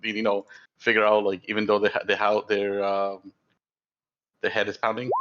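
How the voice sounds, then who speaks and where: A man's voice: fairly low pitch, completely flat delivery, normal speed, noisy background. A young man acting as dungeon master in a tabletop game, rambling with many fillers and restarts. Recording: dull lo-fi sound.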